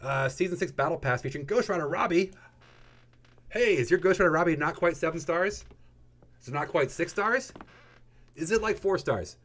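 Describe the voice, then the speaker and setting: A male gaming host runs through news in a loose, jokey way. His voice sits a bit high and swings widely in pitch. When excitement hits, it breaks into high squeals. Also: normal speed, pauses often. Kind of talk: casual game news commentary.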